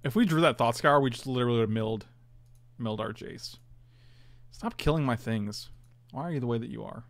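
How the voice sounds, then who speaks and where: A man's voice: mid-range voice, a little fast, no echo. A man casually commentating his own online card game, chatty and self-mocking, groaning at his bad draws.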